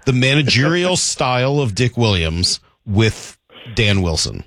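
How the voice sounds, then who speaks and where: A man's voice: mid-range voice, very animated, a little slow, a bit bright, no echo, studio quality. A man hosting a talk show, asking a guest questions and restarting his sentences. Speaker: host. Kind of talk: interviewing a guest.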